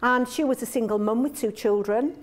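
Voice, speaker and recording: A woman's voice: on the high side, fairly quick. Earnest woman giving a training talk. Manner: earnest, explanatory, acts out quoted dialogue. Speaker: domestic abuse trainer and speaker.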